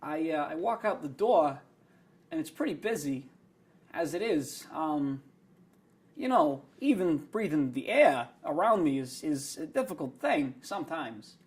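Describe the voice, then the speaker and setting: A young man mimics a deadpan older film actor who speaks in halting, oddly broken phrases. The voice sits a little higher and louder than his usual talk.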